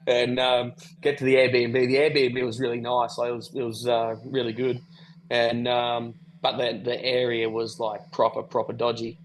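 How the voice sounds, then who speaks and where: A man's voice: mid-range voice, monotone, moderate pace, slight background noise, rough recording. A man telling a rambling travel story on a podcast call, swearing casually. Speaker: podcast guest. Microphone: video call.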